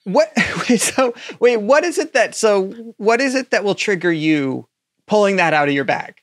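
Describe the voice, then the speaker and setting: A man co-hosts a talk show, chiming in with quick, teasing reactions and laughing along. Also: high voice, lively intonation. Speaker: co-host. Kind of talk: casual chat.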